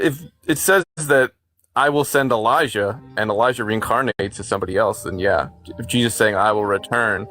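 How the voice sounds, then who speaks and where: A man with a somewhat low voice lays out his beliefs in a musing, conversational way on a live stream. He thinks aloud, circling back over his points. Light guitar music plays softly in the background. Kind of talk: casual chat on a live stream.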